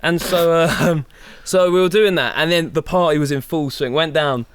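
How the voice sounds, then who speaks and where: A man's voice: a little high, moderate pace, no echo. Swearing young man telling a story. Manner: animated, swears a lot, acts out his own panicked voice. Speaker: podcast co-host. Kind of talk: casual storytelling.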